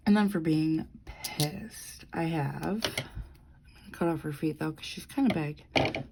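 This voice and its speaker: A woman with a low, gravelly voice and a dark, mellow tone, talking casually. She rambles through stories with plenty of fillers and swears freely while working on her planner. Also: slow, pauses often, slight background noise, poor audio. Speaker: planner vlogger.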